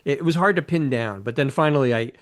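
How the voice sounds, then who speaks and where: A man chatting casually about a film trailer as a guest, hesitant and measured, often restarting his sentences. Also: medium pitch. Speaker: podcast guest. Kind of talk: casual chat.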